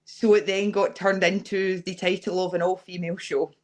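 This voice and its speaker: A woman's voice: on the low side, flat delivery, normal speed, a little hiss or hum. Earnest Scottish woman recounting candidly. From Scotland. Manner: earnest, candid storytelling with frequent fillers. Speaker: guest, professional wrestler. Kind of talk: podcast interview.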